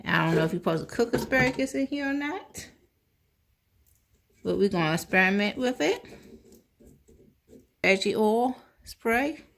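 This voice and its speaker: A woman's voice: a little high, expressive, unhurried, creaky, pauses often, fairly bright tone, a little hiss or hum. A woman hosting a casual cooking vlog, chatting to viewers as y'all and tasting food on mic. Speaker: cooking channel host.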